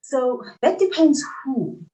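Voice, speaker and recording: A woman's voice: sits high, lively intonation, slow pace, warm tone, low-quality recording. A young adult South African woman talking animatedly as a podcast guest, laughing often and restarting her sentences. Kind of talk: conversational interview.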